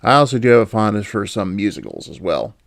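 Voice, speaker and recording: A podcast host with a low, gravelly voice that swings widely in pitch as he tells stories. He laughs often and keeps things casual. The sound is dry and close. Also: lively intonation, fast, no echo. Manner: laughs often while telling anecdotes. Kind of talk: casual chat.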